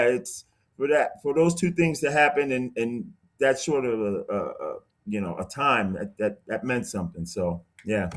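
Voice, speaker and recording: A man as a guest, telling a story in a casual, animated way, with many restarts. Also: mid-range voice.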